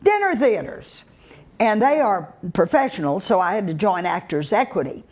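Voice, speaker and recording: A woman's voice: mid-range voice, very animated, moderate pace, a little mellow. An older woman with a Texan accent, telling stories of her acting career to a live audience in a folksy way, chuckling often and wandering through fillers. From Texas. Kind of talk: unhurried storytelling to a live audience.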